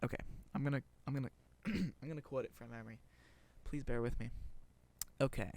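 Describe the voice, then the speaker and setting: A man's voice: mid-range voice, fast talker, gravelly. A young man rambling through casual commentary, sarcastic and profane, with many restarts. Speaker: video creator.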